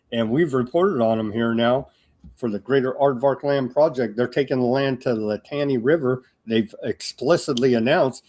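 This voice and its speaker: Guy hosting a political news stream, mid pitch, sarcastic and mocking, lots of uh's and restarts. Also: darkish tone. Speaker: host of a political news commentary show. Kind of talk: live-streamed political commentary.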